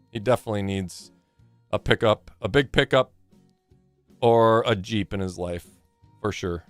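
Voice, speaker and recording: Smooth-voiced man in casual stream chat. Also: mid-range voice, a bit bright, dry recording. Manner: rambling, profane, joking. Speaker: live game streamer.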